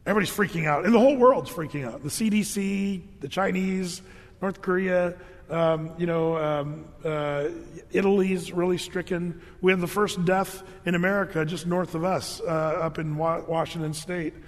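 Preacher, male, high voice, chatty storytelling sermon in a reverberant hall. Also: moderate pace. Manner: storytelling, animated with jokes and asides. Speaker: pastor.

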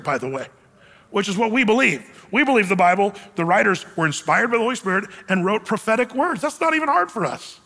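A man preaching a sermon as pastor, in a conversational, animated style with casual asides. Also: high-pitched, fast, gravelly. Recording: long reverb of a large hall.

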